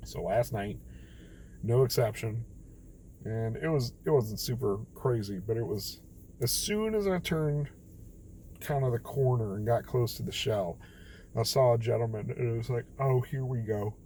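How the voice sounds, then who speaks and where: A man's voice: mid-range voice, normal speed, warm tone, a little hiss or hum, poor audio. Tired man rambling through a story. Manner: rambling, self-deprecating, quoting others in voices. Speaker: vlogger. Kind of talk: casual late-night storytelling.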